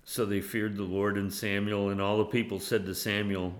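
A man preaching a sermon in an animated way, laughing often and at times rising to near-yelling. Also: on the low side, moderate pace.

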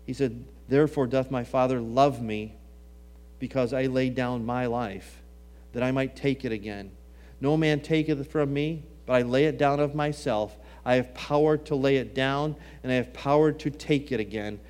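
A man preaching a sermon, swinging between hushed, low passages and raised, emphatic ones, and quoting scripture in old-fashioned wording. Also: steady tone, normal speed.

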